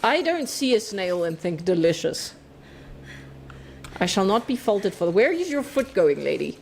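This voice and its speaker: A woman's voice: mid-range voice, big pitch swings, normal speed, vocal fry, slight background noise. A woman streaming a game, chatting away casually, playful, laughing often and swearing freely. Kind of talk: casual live-stream chat while playing.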